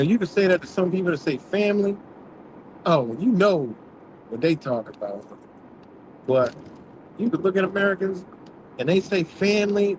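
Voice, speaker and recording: A man with a slightly high voice rants bluntly and profanely, rambling from story to story as host of his own livestream. Steady road noise hums loudly behind him, as if he is talking from inside a moving vehicle. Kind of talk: casual rant.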